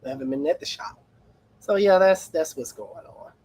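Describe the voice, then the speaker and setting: A middle-aged man who runs an auto repair shop, chatting on a livestream as an animated, rambling storyteller with playful exclamations. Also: fairly high pitch, normal speed, poor audio. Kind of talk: casual livestream chat.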